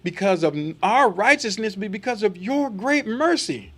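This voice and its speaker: A man with a high-pitched voice preaches a sermon. He reads scripture aloud, then turns to rhetorical questions for the congregation and acts out little quoted voices to make his point. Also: lively intonation, normal speed.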